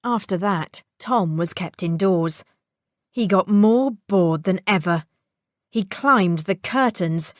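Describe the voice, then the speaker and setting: A woman reading a children's storybook aloud, expressive and playful with sound-effect words. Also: fairly low pitch, takes it slowly, dry recording, clean studio sound.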